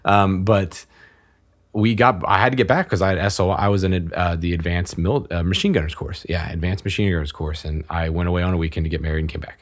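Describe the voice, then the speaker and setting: A man in his thirties casually telling a funny story about himself, animated and laughing as he goes. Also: deep voice, a little fast. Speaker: podcast guest.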